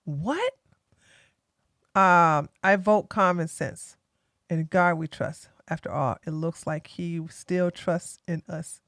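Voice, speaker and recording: A woman hosting a casual political live stream, excitable and mocking, with loud bursts of laughter. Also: lowish voice, slow pace, no echo, studio quality.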